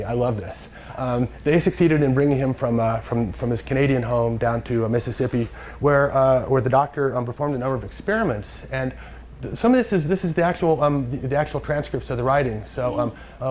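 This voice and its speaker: A man giving a lecture from slides, halting and full of fillers and restarts. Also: mid-range voice, a little mellow, a little hiss or hum.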